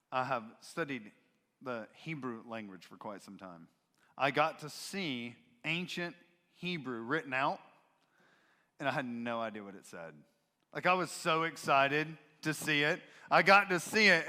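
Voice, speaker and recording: A male pastor preaching a sermon in a church, expressive and emphatic, switching into voices to act out quotes. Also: fairly high pitch. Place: church sanctuary. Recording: reverberant church sanctuary.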